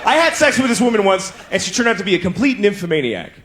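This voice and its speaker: A man doing stand-up, his fairly high voice swinging wildly up and down as he tells profane stories and acts out quick bits of other voices. Audience laughter and room noise sit clearly behind him on a live club recording. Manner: animated storytelling, acts out other voices in bursts; profane, conversational asides. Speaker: stand-up comedian. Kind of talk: stand-up comedy set.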